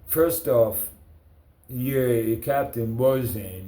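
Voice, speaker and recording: A man's voice: medium pitch, slow, dark tone. A man delivering an angry, profane personal rant, speaking straight to the people he accuses. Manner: profane, confrontational, addresses people directly. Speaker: vlogger ranting to camera. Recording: echoey room.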